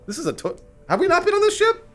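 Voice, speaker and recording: A man chatting excitably through a group gameplay session, laughing often. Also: fast talker, soft background music. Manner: excitable, laughing, jumping in and out of pitch. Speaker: gaming video regular. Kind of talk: casual gameplay banter.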